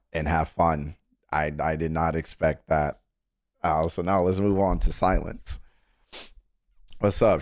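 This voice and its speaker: A man's voice: deep voice, no room sound, studio quality. A man hosting a music reaction live stream, talking earnestly to his chat, rambling with stammered restarts and casual swearing.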